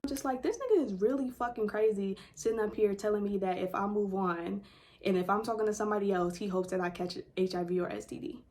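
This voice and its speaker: A woman's voice: mid-range voice, fast talker, a little mellow. A young adult woman hosting a casual storytime vlog, talking bluntly to her viewers with plenty of swearing. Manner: blunt, profanity-heavy storytelling addressed to viewers. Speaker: storytime channel host.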